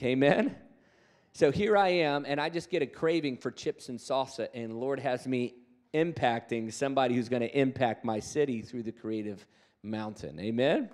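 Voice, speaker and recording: A man preaching a sermon, telling stories with animation and calling on the congregation to respond. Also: mid-range voice. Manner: animated storytelling, acts out quoted voices. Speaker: guest preacher.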